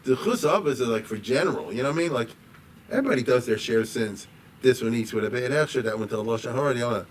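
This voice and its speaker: A rabbi explaining a liturgical poem to a class in a conversational way, with frequent asides and chuckles. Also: male voice, mid-range voice, animated, fast talker. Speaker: rabbi and teacher. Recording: distant mic with faint background noise.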